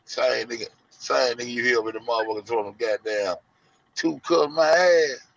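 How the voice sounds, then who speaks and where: A man's voice: mid-range voice, normal speed, gravelly. A man hosting a casual commentary show, rambling and profane, acting out the people he talks about. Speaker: show host. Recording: lo-fi dull audio.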